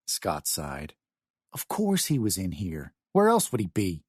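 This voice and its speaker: A man narrating a novel as an audiobook, reading in an expressive storytelling manner. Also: deep voice, measured pace, slightly rough, dry recording, studio quality.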